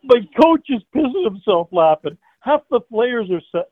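A man's voice: very high-pitched, normal speed, no echo. Profane older man, tinny line. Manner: profane, laughing, animated storyteller. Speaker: guest, former hockey player. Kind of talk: casual storytelling. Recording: dry tinny phone-like line.

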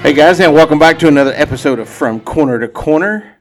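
A man's voice: fairly high pitch, animated, fast talker, over music. Easygoing male podcast host. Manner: easygoing, opinionated, laughs often. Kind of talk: casual sports podcast chat.

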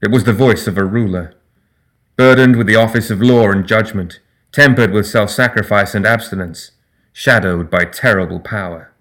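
A man narrating a fantasy audiobook in a steady, even storytelling voice. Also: lowish voice, normal speed.

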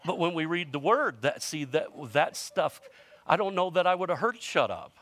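A man's voice: fairly high pitch, animated, moderate pace, a bit bright. A man in his fifties preaching a sermon in a conversational storytelling way, with self-mocking humor and frequent restarts. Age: 50s. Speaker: pastor.

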